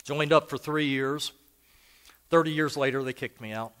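A man's voice: medium pitch, normal speed, fairly bright tone, clean tone. An older man preaching a sermon as a pastor, telling personal stories in a conversational way. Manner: conversational and anecdotal. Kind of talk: storytelling sermon.

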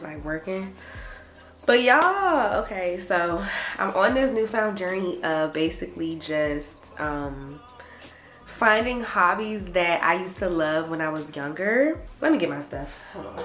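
Chatty young woman vlogger, roomy. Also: fairly low pitch. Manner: chatty and animated, says y'all. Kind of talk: casual chat to camera. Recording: roomy echo, faint music behind.

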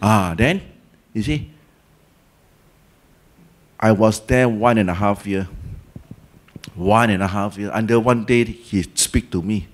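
Animated Singaporean man telling a story. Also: lowish voice, slow pace, long pauses. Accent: Singaporean English. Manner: animated storytelling, acts out quoted people; colloquial, Malay and Hokkien words mixed in. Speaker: Buddhist teacher. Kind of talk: Dhamma talk.

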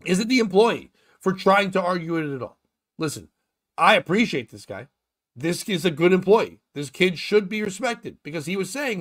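A man's voice: high-pitched, lively intonation, moderate pace, fairly bright tone. A man hosting a casual comedic talk show, riffing and ranting with lots of swearing. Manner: profane, riffing, rambling rants. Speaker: podcast host.

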